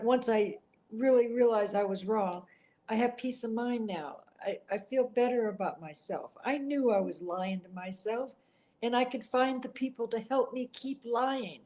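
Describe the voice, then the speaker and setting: A woman's voice: fairly high pitch, mellow, poor audio. Earnest emotional middle-aged woman guest. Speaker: interview guest. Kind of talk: emotional interview.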